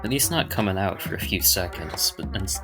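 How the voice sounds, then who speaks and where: A man narrates his move in a tabletop role-playing game. He speaks at a steady, measured pace. His voice is very deep. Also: over music. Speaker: player.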